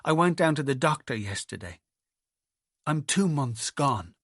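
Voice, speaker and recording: A man's voice: on the high side, lively intonation, measured pace, a bit bright, no echo, clean studio sound. A man reading as a tearful, pleading young wife. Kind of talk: audiobook dialogue reading.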